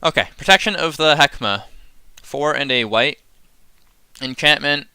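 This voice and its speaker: Chatty male streamer, bright crisp voice, dry close mic, sarcastic and prone to mock rants. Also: a little high, lively intonation, measured pace, dry recording. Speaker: streamer reviewing card game sets. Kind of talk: casual live-stream commentary.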